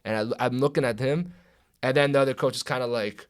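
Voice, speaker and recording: Fast-talking, profane young man telling stories. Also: medium pitch, clear, resonant tone. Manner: profane, animated, acts out quoted dialogue. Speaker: podcast guest, pro wrestler. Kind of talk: casual storytelling chat.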